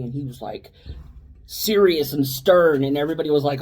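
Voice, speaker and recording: A woman's voice: a bass voice, quick pace, dark tone, breathy edge. Rambling woman telling a story. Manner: rambling, with frequent restarts and asides. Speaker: podcast co-host. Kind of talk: casual storytelling chat.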